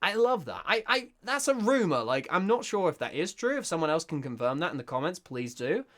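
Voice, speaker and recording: A British voice actor from Britain giving casual, excitable reaction commentary with many restarts. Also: mid-range voice, fairly quick. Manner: excitable, gushing, stumbling restarts.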